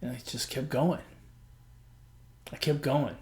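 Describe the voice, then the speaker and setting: A man's voice: mid-range voice, fairly even intonation, slow, a little mellow. Earnest man telling a personal story. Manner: earnest, emotional, repeats phrases. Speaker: podcast host.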